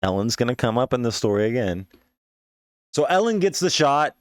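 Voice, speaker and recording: Recorded close and dry, this young man hosts a podcast and tells a wandering, foul-mouthed story packed with asides and fillers such as "you know what I mean." His mid-range voice is smooth, swings widely in pitch, and moves at a moderate pace.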